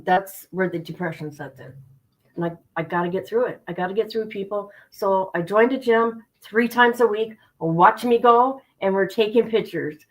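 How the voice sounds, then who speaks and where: A woman's voice: medium pitch, moderate pace, low-quality recording. A middle-aged woman hosting a livestream, chatting casually with viewers, talking straight to them and repeating points for emphasis. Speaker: livestream host. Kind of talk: casual chat with stream viewers.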